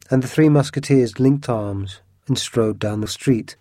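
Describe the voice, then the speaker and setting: A man narrating a classic adventure story in an even, measured storytelling manner. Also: medium pitch, no room sound, clean studio sound. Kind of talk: storybook reading.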